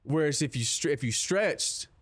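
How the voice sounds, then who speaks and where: A man's voice: a little high, lively intonation, moderate pace, husky, no echo. A young man streaming live, chatting casually with his viewers in a rambling, profane, joking way. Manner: rambling, profane, jokey, answers chat.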